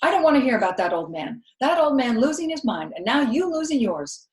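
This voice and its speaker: A woman reading aloud, voicing a fretful grown woman who works as a family cook, scolding loudly. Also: medium pitch, animated, moderate pace, natural voice. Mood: alarmed scolding. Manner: scolding, exasperated, loud. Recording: roomy echo.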